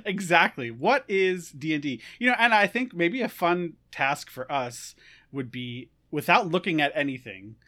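A man co-hosting a podcast in an upbeat, chatty way, full of fillers. His voice is bright and fairly high, with a lively rise and fall. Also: moderate pace. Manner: laughing, upbeat, with many fillers. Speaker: podcast co-host. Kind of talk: casual podcast chat.

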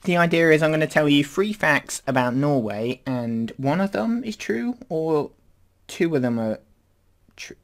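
A man's voice: fairly high pitch, animated, unhurried. Rambling, hesitant male podcast host. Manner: rambling and hesitant, many fillers. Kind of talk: casual podcast chat.

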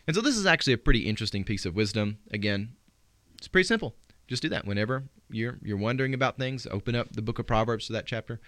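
A man's voice: medium pitch, expressive, fairly bright tone, no echo. Earnest male pastor, dry close sound. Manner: earnest, reflective, quotes scripture with slowed emphasis. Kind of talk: live-streamed sermon answering sent-in questions.

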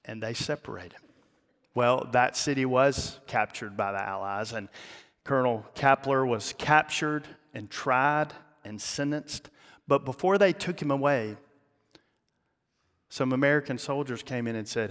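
A male pastor telling a story in a sermon, dramatic, with his voice dropping low and hushed at the emotional peaks. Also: a little slow. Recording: long hall reverb.

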